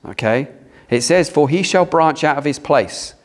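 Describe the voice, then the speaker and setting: A man's voice: fairly high pitch, lively intonation, moderate pace. A British man preaching a sermon in a conversational way, asking the congregation questions. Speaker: pastor. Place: church hall with a congregation.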